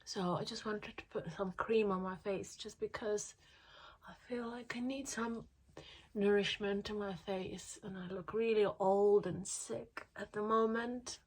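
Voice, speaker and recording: A woman vlogging casually at her dressing table, out of breath and coughing from illness, talking in a halting way with many pauses and fillers. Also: medium pitch, fairly even intonation. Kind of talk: casual vlog chat.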